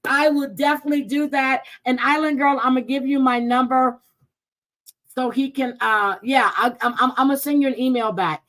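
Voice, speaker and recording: A woman's voice: high voice, moderate pace, a bit bright, rough recording. A woman hosting a live stream, chatting casually, thanking viewers by name and talking to herself as she clicks through pages. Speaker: livestream host reading chat.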